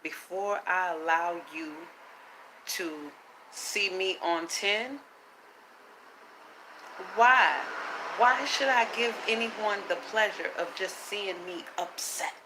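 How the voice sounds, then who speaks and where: A woman vlogging to camera in a casual monologue, blunt and profane, asking rhetorical questions in a calm, preachy way. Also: medium pitch, takes it slowly, long pauses, noisy background.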